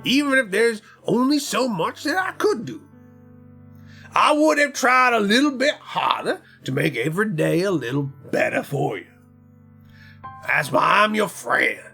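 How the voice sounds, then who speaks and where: A young male student blurting out melodramatic lines, lurching from deep mutters to shouted outbursts, as a woman acts him out. His delivery is loud and over the top, over faint game music. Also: very animated, a little slow, vocal fry, breathy edge, exaggerated voice. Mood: hurt.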